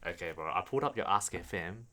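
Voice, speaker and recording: A man hosting a podcast, teasing his guest in slangy casual chat and filling in with quick backchannels. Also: low voice, lively intonation, a crowd in the background. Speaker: podcast host.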